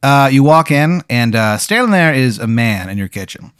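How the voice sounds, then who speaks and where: A young man hosting a comedy podcast, telling an improvised absurd story with deadpan delivery. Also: medium pitch, moderate pace, clean tone, dry recording. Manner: deadpan, building absurd scenarios.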